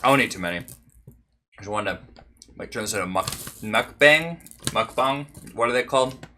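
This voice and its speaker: A man's voice: medium pitch, animated, fairly quick, bright, forceful tone, slight background noise. A young man hosting his own channel, rambling and self-deprecating in a casual chat while snacking on candy. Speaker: channel host.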